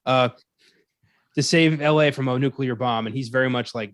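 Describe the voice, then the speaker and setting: A man's voice: medium pitch, steady tone, moderate pace, dry recording. A man co-hosting a casual movie review podcast, sarcastic and laughing often, swearing freely. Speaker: podcast co-host.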